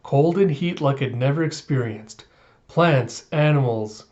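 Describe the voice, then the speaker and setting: A man's voice: mid-range voice, measured pace, darkish tone, lightly acted. Brief: eager young samurai adventurer, read by a man in his own voice, earnest, lo-fi.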